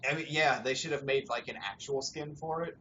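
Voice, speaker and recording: A young man hosting a casual gaming podcast, rambling in a relaxed way, swearing freely and laughing often. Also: medium pitch, fairly quick. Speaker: podcast host. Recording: dull lo-fi sound, faint background noise.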